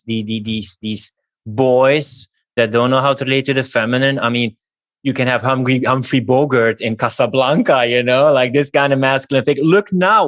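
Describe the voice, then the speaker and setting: A man's voice: mid-range voice, a bit bright. Man ranting with scorn. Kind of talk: casual podcast chat.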